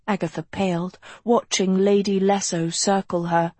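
Slow, measured woman narrating a story. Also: mid-range voice, fairly even intonation, no room sound. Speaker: audiobook narrator. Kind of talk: scripted narration.

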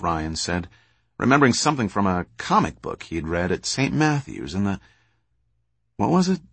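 A man narrating an audiobook in a steady, even reading. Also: low voice, slightly rough, no echo.

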